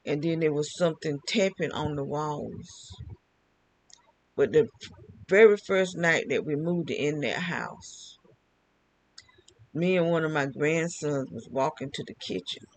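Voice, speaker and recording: A man's voice: on the high side, a little slow, long pauses, poor audio. An older man talking alone to camera, rambling and often repeating and restarting his phrases. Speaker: vlogger. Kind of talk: casual monologue.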